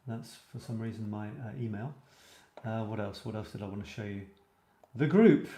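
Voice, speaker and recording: With a lowish, mellow voice at a moderate pace, this man runs a live writing show, chatting eagerly and reading out viewer comments. The casual stream has a roomy echo and a slight bit of background noise.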